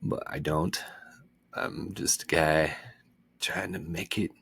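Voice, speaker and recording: A man's voice: rumbling low, expressive, takes it slowly, vocal fry, fairly bright tone, breathy edge. A man who hosts a reading channel, chatting casually after a chapter in a rambling, joking, self-mocking way. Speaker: book reader and channel host. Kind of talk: casual chat after a read-aloud chapter.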